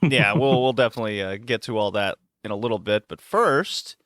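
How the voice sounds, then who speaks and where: A man's voice: fairly low pitch, brisk, fairly bright tone, no echo, clean studio sound. A man hosting a podcast, chatting casually and rambling through recommendations. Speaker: podcast host.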